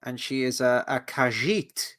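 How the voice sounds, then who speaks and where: A man's voice: medium pitch, measured pace, a bit bright. A man hosting a casual film review chat, candid and crude with lots of jokes.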